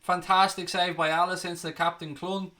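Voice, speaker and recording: Young man, bright forceful voice, a little high, casual live stream host reading chat. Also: level tone, normal speed. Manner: chatty, calls viewers mate and buddy.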